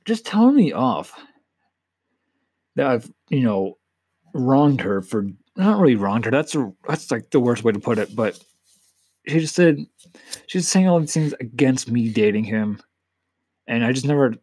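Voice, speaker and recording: A man's voice: mid-range voice, warm tone, breathy edge, dry recording. An eighteen-year-old man hosting a casual solo podcast, talking candidly and emotionally in a rambling way with frequent swearing. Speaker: podcast host.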